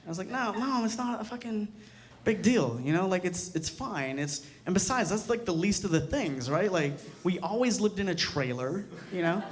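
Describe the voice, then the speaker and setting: On stage at a comedy club, a thirtysomething comedian speaks at a normal pace in a high-sitting, animated voice, running through loose, foul-mouthed material and tacking "you know" onto his lines. The live recording captures the audience laughing along.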